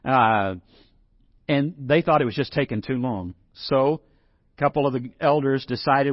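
A man's voice: mid-range voice, unhurried, no echo, lo-fi sound. A man preaching a sermon in a conversational way, rising to emphatic scripture reading. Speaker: pastor.

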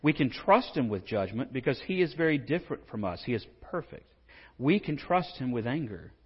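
A man giving a conversational sermon as a pastor, asking the congregation rhetorical questions and building to animated emphasis. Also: medium pitch, moderate pace, slightly rough, big-room sound, muffled recording.

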